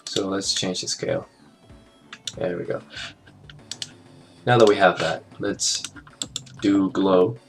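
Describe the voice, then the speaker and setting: Man with a deep voice, casual software tutorial narration, background music playing clearly behind. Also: fairly even intonation, takes it slowly, pauses often. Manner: casual, thinks aloud with fillers and small jokes. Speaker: animation tutorial host.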